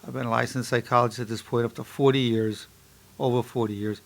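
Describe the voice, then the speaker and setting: A man in his sixties lectures as a psychologist, with a gravelly, creaky edge to his mid-pitched voice. He pushes hard on key points, then drops into slow, soft repetition to guide listeners through a calming exercise. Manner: repeats affirmations slowly and softly during exercise.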